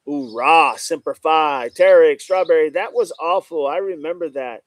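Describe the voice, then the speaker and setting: A man's voice: fairly high pitch, normal speed. Chatty man hosting a live stream. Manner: greets viewers by name, repeats "no doubt about it". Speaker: livestream host reading chat. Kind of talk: casual livestream chat.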